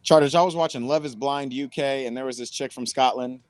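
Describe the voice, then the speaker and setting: A man's voice: mid-range voice, brisk, dry recording. A young man hosting a live watch-party stream, chatting casually over a football match in a laid-back, slangy way and talking straight to his chat.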